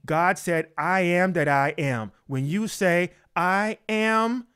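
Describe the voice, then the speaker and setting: Slow, emphatic preaching man. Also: a little high, fairly bright tone, smooth. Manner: emphatic and repetitive, asks rhetorical questions; keeps checking in with "okay?".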